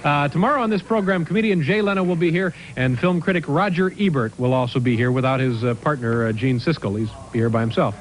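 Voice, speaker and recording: Male talk show host, dry and halting, slightly high pitch, worn VHS tape hiss. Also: rough recording. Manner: dry, halting, many filler pauses. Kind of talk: late-night talk show interview. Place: TV studio.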